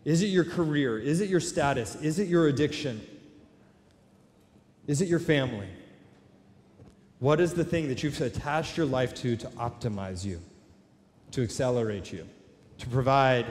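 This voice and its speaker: Fiery preacher with booming hall echo. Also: male voice. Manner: rising to shouted, repetitive declarations. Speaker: pastor. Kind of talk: sermon. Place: large church hall. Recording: long hall reverb.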